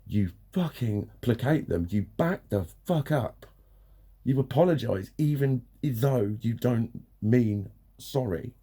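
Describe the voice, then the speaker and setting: Swearing, exasperated man, dark voice. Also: medium pitch, husky. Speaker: vlogger. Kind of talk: ranting personal vlog.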